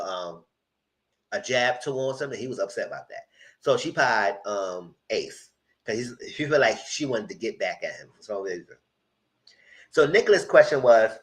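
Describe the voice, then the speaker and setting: A man giving a live casual recap of a reality dating show, acting out the quoted lines and breaking into high-pitched excitement. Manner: animated, breaks into high shrieks and laughter when excited; acts out quoted lines in voices.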